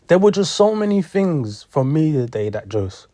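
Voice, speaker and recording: A man's voice: fairly high pitch, sing-song, a little slow, hardly any pauses, warm tone, dry recording, studio quality. A young man, ranting in heated sports commentary, repeating himself and swearing. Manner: heated, repetitive, profane.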